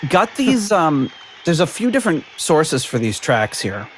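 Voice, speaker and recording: A man's voice: a little high, big pitch swings, a little slow, a little hiss or hum. A man hosting a podcast in casual chat over a video call, rambling with lots of fillers and frequent laughs. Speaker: podcast host.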